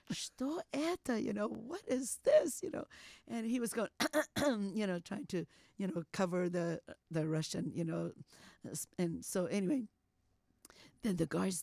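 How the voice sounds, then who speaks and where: An older woman telling a personal story as an interview guest, animated, acting out what people said and sprinkling in "you know.". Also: fairly low pitch, creaky, dry recording, clean studio sound. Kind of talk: storytelling testimony.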